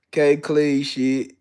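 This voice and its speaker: A man's voice: fairly high pitch, dark tone, clear, resonant tone. A man hosting a casual monologue, talking with lots of profanity and animation and often breaking into laughter mid-sentence. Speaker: host.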